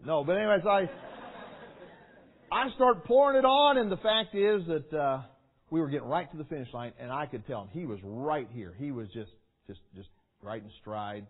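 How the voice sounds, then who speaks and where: A man preaching a sermon to young people, telling a story with lively acting, shouts and sound effects. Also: a little high, normal speed. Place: large meeting hall. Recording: tinny phone-like sound.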